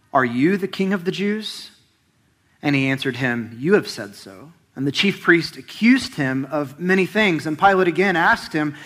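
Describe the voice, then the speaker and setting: A man's voice: fairly high pitch, a bit bright. A man preaching as pastor, speaking earnestly and reading a long scripture passage aloud with rising emphasis on the quoted words. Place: church.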